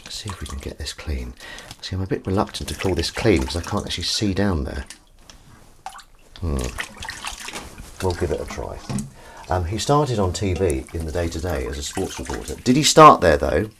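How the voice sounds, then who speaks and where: A man's voice: low voice, very animated, normal speed, long pauses, background noise. A man and actor chatting casually on a live stream while washing up, reading chat aloud and swearing now and then. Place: kitchen sink. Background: running tap water and dish clatter.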